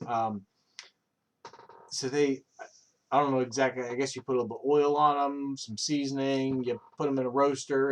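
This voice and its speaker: Rambling man in his thirties. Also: mid-range voice. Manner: rambling, filler-heavy, profane storytelling. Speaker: streamer. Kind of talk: casual chat.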